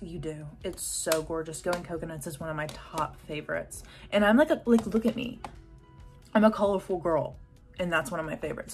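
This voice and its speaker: A woman's voice: lowish voice, darkish tone. A young woman, chatting eagerly about her makeup palettes in a casual vlog. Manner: gushing, chatty, lots of "like" and "oh my God". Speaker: beauty vlogger. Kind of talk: casual makeup collection chat.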